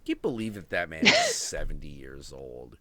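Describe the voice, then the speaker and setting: A man hosting a live stream, telling a story in a profane, jokey, animated way over a video call microphone. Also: extremely low pitch, normal speed, no echo. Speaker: host.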